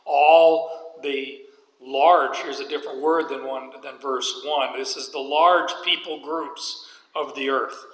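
A man's voice: medium pitch, steady tone, takes it slowly. A man preaching a sermon, walking through scripture with folksy, joking asides. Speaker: pastor. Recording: echoey hall with long reverb.

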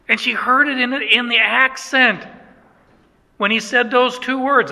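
A man's voice: high voice, animated, normal speed, pushed and bright. A man preaching a sermon as pastor, folksy and self-deprecating, often restarting his sentences. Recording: echoey hall.

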